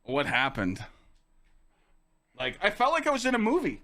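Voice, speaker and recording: A young man hosting a casual podcast stream, telling stories to chat in a lively, swearing, animated way. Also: mid-range voice, moderate pace, pauses often. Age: young adult. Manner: animated, swearing, acts out quoted lines in a raised voice. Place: home streaming room with dog on lap.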